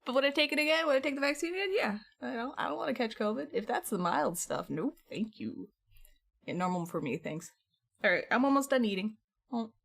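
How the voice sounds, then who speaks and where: A woman's voice: fairly high pitch, animated, a little fast, creaky, fairly bright tone. A young woman streaming from home, chatting casually and answering her live chat as she goes. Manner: chatty, reads and answers chat messages, rambling.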